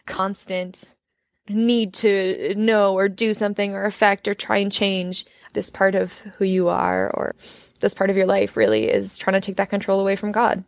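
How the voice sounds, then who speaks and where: A woman's voice: mid-range voice, little pitch movement, normal speed, vocal fry, dry recording. A young woman talking earnestly and reflectively in a casual faith conversation, often saying "like" and "you know". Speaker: guest sharing her story.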